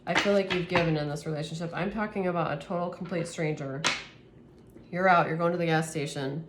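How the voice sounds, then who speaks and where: A woman reads tarot for her viewers in a low voice, earnest and easily moved, laughing now and then. She rambles and restarts her sentences. A faint hiss of noise sits behind her. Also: fairly even intonation, brisk. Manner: earnest, emotional, laughs often. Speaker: tarot reader. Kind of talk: spiritual tarot reading to camera.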